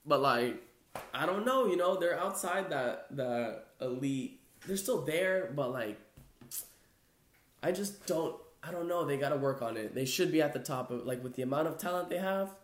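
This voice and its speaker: A man's voice: a little high, lively intonation, normal speed. A man hosting a casual sports chat podcast, rambling loosely with lots of fillers and "bro.". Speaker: podcast host. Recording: echoey room.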